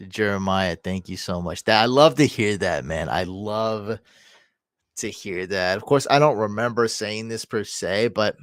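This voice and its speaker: A man hosting a live fantasy football stream, casually answering viewer comments and often breaking into excited, loud cheering. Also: lowish voice, no room sound, clean studio sound. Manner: answers chat comments quickly. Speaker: fantasy football livestream host.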